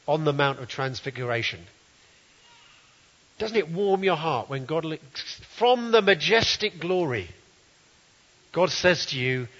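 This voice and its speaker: A man's voice: a little high, fairly bright tone. A man preaching a sermon, reading scripture aloud and commenting earnestly. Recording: dull, roomy hall sound.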